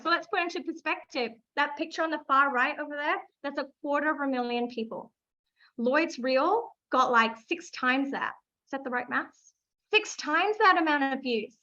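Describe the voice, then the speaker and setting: A woman's voice: high voice, moderate pace, bright, forceful tone, muffled recording. An Australian woman hosting a live online masterclass as a social media coach, talking with enthusiasm, repeating key phrases for emphasis and speaking to the chat.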